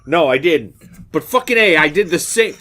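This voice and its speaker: A middle-aged man co-hosting a podcast, talking in casual banter, animated and swearing a lot. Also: on the high side, moderate pace. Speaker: podcast co-host.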